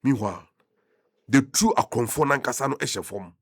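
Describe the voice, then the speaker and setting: A man's voice: mid-range voice, normal speed, a bit bright, husky, dry recording, clean studio sound. A man with a Ghanaian accent giving impassioned political commentary as a radio talk show host, mixing Twi and English. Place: radio studio.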